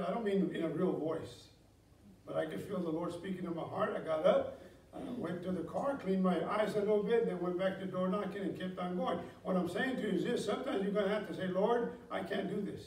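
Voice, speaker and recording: A middle-aged man preaching in a church, his voice high for a man. He tells homely stories and drives his points home with emphasis. The sound is roomy and echoing, picked up from some distance away from the mic. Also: fast talker, a little mellow. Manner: folksy storytelling, builds to emphatic exhortation. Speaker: pastor. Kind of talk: sermon. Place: church sanctuary.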